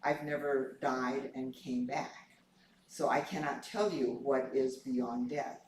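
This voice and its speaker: A man with a hoarse, froggy voice gives an informal reflection at a temple service, halting and pausing often. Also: mid-range voice, a little hiss or hum. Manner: halting, many pauses and fillers. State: hoarse, clearing his throat. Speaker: temple board member sharing a reflection. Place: temple hall. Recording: echoey hall, mic far off.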